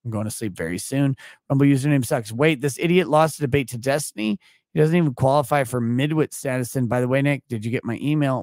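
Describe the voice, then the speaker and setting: A man's voice: mid-range voice, creaky, a little mellow, no room sound, clean studio sound. A man hosting a livestream, talking casually in a crude, profane, brash way while reading out viewer messages. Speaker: livestream host.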